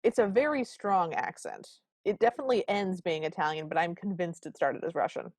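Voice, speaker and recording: A woman's voice: fairly low pitch, lively intonation, a little fast, a little mellow, no room sound. A woman co-hosting a podcast, recapping a film in casual chat with sarcastic comic asides. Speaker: podcast co-host.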